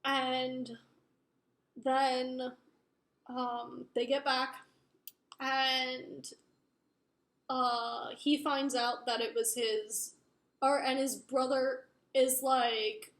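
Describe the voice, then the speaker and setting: A woman's voice: high voice, level tone, drawn-out words, long pauses, a bit bright. A young woman casually recapping a book plot, rambling with lots of fillers and swearing. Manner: rambling, filler-heavy, profane. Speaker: book reviewer. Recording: roomy echo.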